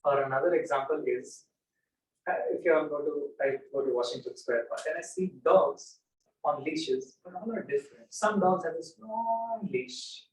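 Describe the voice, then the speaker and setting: A man with a fairly high voice gives an informal talk to a small audience. He tells stories with animated energy and acts out his examples. The sound is roomy and echoey, caught from some distance off the mic. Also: moderate pace. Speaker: speaker leading a spiritual talk. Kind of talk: informal lecture with audience questions.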